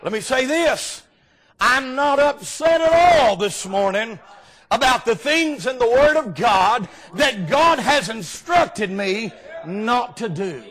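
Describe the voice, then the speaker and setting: A man preaching a folksy revival sermon as a guest preacher, often breaking into shouts. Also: very high voice, lively intonation, slow pace. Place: church sanctuary.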